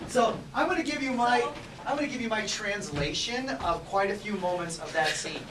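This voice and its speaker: A man's voice: high voice, moderate pace. A man teaching an improv class, upbeat and chatty, often laughing as he coaches. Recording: roomy, distant mic, noisy.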